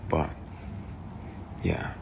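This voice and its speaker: A man's voice: extremely slow, slight background noise. A man telling a personal story in a candid, profane way, heated and blunt. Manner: profane, heated, shouts in retold quotes. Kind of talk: candid personal account to camera.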